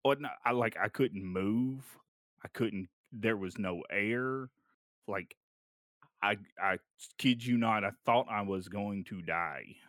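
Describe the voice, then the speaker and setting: A young man casually telling a story of a frightening night, animated and swearing, sometimes trailing off into low mumbles. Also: slow pace, no room sound, studio quality.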